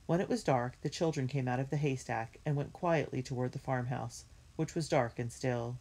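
A woman reading a children's book aloud in a clear, measured storytelling manner. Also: rumbling low, a little mellow. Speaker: reader.

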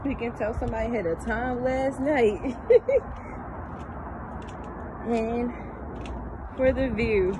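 A young woman vlogging casually outdoors, chatty and excitable, talking straight to her viewers on a handheld phone. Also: fairly high pitch, slow pace, long pauses, background noise. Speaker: lifestyle vlogger. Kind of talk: casual vlog tour. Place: outdoors, rooftop and parking area.

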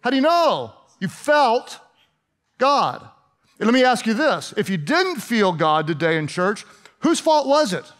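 Brief: male preacher, high-pitched, chatty and sarcastic, stammers out repeated words. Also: very animated, measured pace, a bit bright. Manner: conversational, sarcastic, repeats words while speaking. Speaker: pastor. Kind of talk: sermon.

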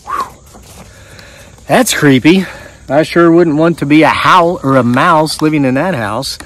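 A man's voice: on the high side, unhurried, a bit bright, slight background noise. A man hosting a channel, reading viewer stories aloud with casual joking asides.

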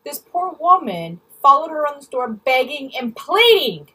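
A woman's voice: sits high, very animated, moderate pace, sharp tone, distant mic, poor audio. A woman ranting angrily and bluntly in a storytime vlog, swearing freely and mimicking other people's words. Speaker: vlogger.

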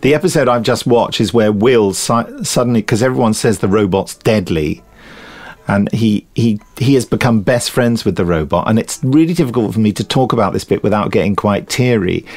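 Animated man telling stories. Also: fairly low pitch. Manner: animated storyteller, laughs often, acts out quotes. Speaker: podcast co-host. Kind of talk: casual chat.

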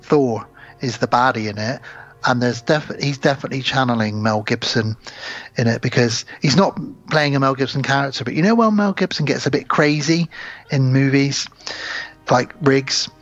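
A man's voice: mid-range voice, moderate pace, highs cut off, faint music behind. A man co-hosting a podcast, retelling a film's plot in casual chat and acting out the characters' lines. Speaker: podcast co-host. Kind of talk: casual film recap chat.

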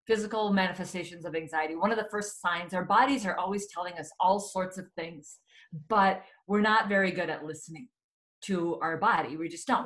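Woman, lowish voice, earnest, explanatory, webinar guest. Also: a bit bright, low-quality recording. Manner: earnest, explanatory, self-correcting. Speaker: anxiety expert guest. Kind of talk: webinar conversation.

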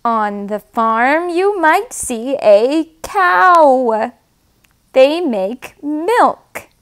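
High-voiced woman reading farm picture books to little kids, super slow and sing-song, does the animal noises. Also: animated. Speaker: storyteller.

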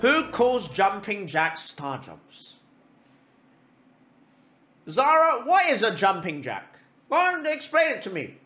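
A man's voice: high voice, huge pitch swings, slow, long pauses, pushed and bright. A man streaming a game, talking to chat in a teasing, mock-outraged comedic rant. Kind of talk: casual gaming stream chat.

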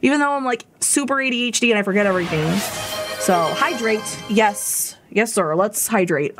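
A woman's voice: medium pitch, normal speed, soft background music. A young woman casually chatting and muttering to herself as she plays a video game on a live stream, often repeating words under her breath and giggling. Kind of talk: casual live gameplay chat.

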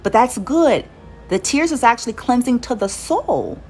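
A woman's voice: fairly high pitch, expressive, normal speed, faint music behind. Woman, casual motivational speaker; blunt, emphatic, conversational, drops the odd curse word. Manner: emphatic, conversational, peppered with "you know" and "okay?". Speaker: speaker sharing life advice. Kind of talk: casual motivational talk to camera.

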